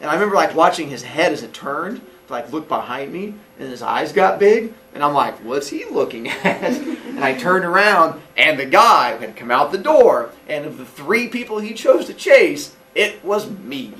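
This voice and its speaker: A man in his forties telling a childhood story casually, animated and laughing often, acting out quotes in a high voice. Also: recorded from a distance, slight background noise. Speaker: podcast host.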